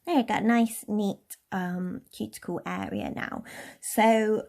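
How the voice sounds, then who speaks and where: English woman from somerset doing a nail tutorial, bit of vocal fry, easygoing and chatty. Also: medium pitch, slow pace. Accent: posh-leaning southern English. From Somerset, England. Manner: chatty, relaxed, with soft laughs. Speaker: beauty tutorial host.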